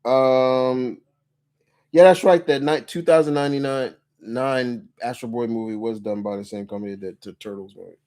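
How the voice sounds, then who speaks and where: A man's voice: mid-range voice, steady tone, moderate pace, darkish tone. A man hosting a casual live question-and-answer chat, laid-back, laughing often and rambling with restarts. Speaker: host.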